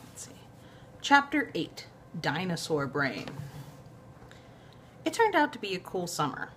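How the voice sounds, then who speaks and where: Lively woman reading a novel aloud. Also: on the low side, a little slow, a little hiss or hum. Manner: lively, conversational. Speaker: reader of a novel. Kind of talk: casual audiobook reading.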